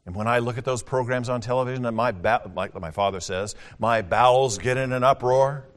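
An older man preaching a sermon as pastor, folksy, moving between booming scripture reading and quiet, chatty asides. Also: brisk. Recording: long hall reverb.

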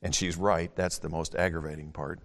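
Older guy preaching, folksy, goes from booming verses to quiet asides, big echoey church. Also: flat delivery, brisk, a little hiss or hum. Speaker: pastor. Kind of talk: sermon. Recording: long hall reverb.

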